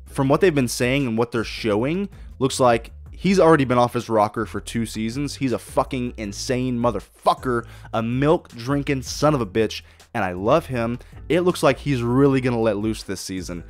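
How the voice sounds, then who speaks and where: A man's voice: medium pitch, normal speed, hardly any pauses, soft background music. A man hosting a solo podcast, talking casually and enthusiastically with lots of swearing and restarts. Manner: enthusiastic, profane, rambling with restarts. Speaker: podcast host.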